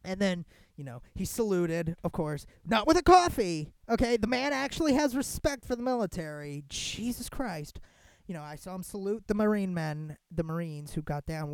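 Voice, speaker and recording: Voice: medium pitch, dry recording. Young podcast host ranting, swears a lot, says like constantly, voice bounces all over, dry close mic. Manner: animated and profane, heavy filler "like", frequent restarts. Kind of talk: casual monologue, ranting commentary.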